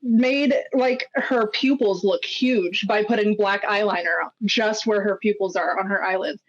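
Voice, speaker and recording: A woman's voice: mid-range voice, measured pace. A woman guest on a film podcast, explaining in detail with filler "likes," in casual discussion. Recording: dull lo-fi audio.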